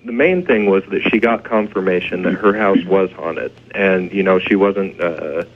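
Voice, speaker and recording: A man's voice: deep voice, normal speed. Hesitant male investigator on the phone. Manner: hesitant, storytelling. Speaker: paranormal investigator guest. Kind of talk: radio interview. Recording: tinny phone line.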